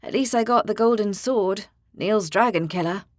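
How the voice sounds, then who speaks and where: A woman narrator voicing a determined young woman warrior in an audiobook, speaking with forceful confidence. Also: mid-range voice, normal speed, dry recording, studio quality, close to an everyday voice. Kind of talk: audiobook character voice.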